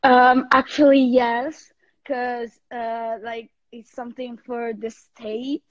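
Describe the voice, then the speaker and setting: A young woman from Italy speaks English with an Italian accent over a video call, shaky and teary with excitement. Her voice is high and her speech slow. The call audio is dull and dry. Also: no room sound. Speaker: fan caller. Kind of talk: casual video call chat.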